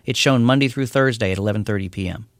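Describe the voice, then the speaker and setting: A man reading a scripted radio announcement in a measured, formal way. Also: on the low side, no echo, clean studio sound.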